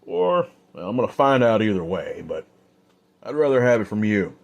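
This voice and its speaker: A man voicing a cold, calm undead gunslinger who speaks in a quiet, menacing way in an audio story. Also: on the low side, normal speed, vocal fry, lo-fi sound.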